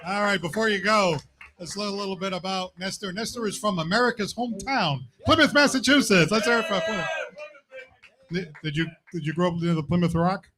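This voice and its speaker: A man's voice: sits high, a little fast. A man hosting a live comedy show, trading upbeat, jokey banter with a guest on stage. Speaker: show host.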